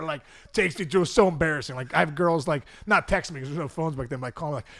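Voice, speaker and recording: A middle-aged man from the Pittsburgh area telling comic stories on a podcast, acting out quotes with shouts and laughs. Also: on the high side, fast, hardly any pauses, dry recording, clean studio sound. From Pittsburgh area, USA. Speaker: podcast guest. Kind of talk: comic storytelling.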